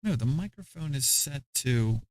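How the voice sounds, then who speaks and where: A man's voice: medium pitch, lively intonation, normal speed, dry recording, clean studio sound. A middle-aged man hosting a casual livestream, talking to himself offhandedly while he tweaks his audio settings. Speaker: livestream host.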